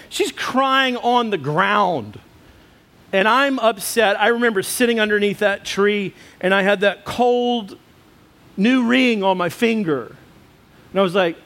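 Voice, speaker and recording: A man preaching a sermon in a high voice. He tells a personal story with lively energy, acts out what people said and laughs at himself along the way. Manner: animated storytelling, acts out quotes, self-deprecating laughs. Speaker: pastor.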